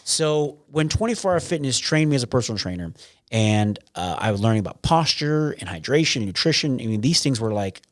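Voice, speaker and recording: A man's voice: mid-range voice, very animated, fairly quick, dry recording, clean studio sound. A man talking as a podcast guest, blunt and frank, with lots of restarts and some swearing. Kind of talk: casual interview.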